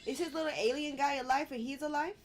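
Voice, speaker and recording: Excitable woman streaming a game. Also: high-pitched, fast talker, slight background noise. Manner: excitable, reacting out loud with squeals and laughter. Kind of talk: live gameplay commentary.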